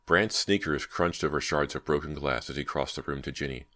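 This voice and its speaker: A man reading a horror audiobook in a steady, measured way. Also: rumbling low. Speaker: audiobook narrator. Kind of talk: scripted horror narration.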